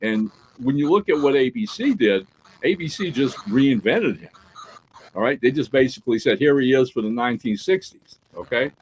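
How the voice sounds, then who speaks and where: A man co-hosting a casual podcast, telling a story with animated delivery and checking in with "right?" and "all right?" as he goes. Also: mid-range voice, normal speed, a little hiss or hum, poor audio. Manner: animated storyteller who acts out quoted dialogue; peppers talk with "right?" and "all right?". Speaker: podcast co-host.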